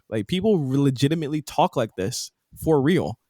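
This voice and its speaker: A lively man hosts a casual podcast chat, his mid-pitched voice swinging widely up and down. He talks loosely in slang and laughs often, and the recording is dry and close. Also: a little fast, no echo. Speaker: podcast host.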